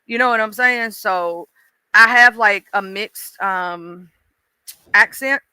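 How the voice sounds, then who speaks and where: A woman's voice: mid-range voice, slow, bright, forceful tone, clean tone, no echo. A woman with a mixed Southern accent, chatting casually on a live stream and talking straight to her viewers in a folksy way.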